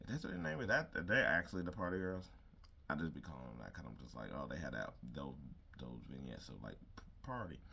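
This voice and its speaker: A man with a deep, low-pitched voice talks through a wrestling episode in a loose, conversational way. He wanders from point to point and slips into quick impressions of the people he describes. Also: gravelly, a bit bright. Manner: rambling, acts out quotes of wrestlers. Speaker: wrestling show recap host. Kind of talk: casual recap commentary.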